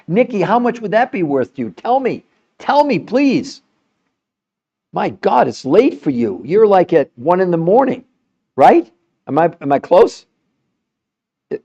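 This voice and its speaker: An older man chatting with a caller in a loose, animated way. He often laughs and keeps saying her name. His voice is warm and mellow, and the audio is dull and lo-fi. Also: medium pitch. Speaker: health show host talking to a caller. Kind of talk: casual live call-in chat.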